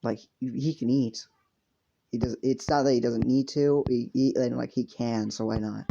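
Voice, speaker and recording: Gravelly and dark in tone, this young man's medium-pitched voice stays steady at a normal speed as he casually makes up a story. He rambles, swears crudely, fixes his own words and leans on fillers, recorded on a dull lo-fi mic at home with his cat, with a little hiss or hum.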